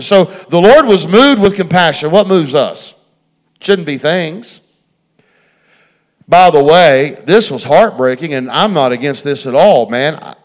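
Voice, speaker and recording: A middle-aged man preaching a folksy sermon, repeating phrases and talking straight to his congregation. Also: fairly high pitch. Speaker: pastor.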